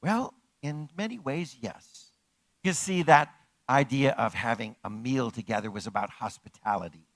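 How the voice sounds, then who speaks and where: Preaching at a moderate pace in a mid-range voice, a pastor restates his points and poses rhetorical questions to his congregation, moving from hushed, close delivery to loud, emphatic calls. There is no echo on the recording.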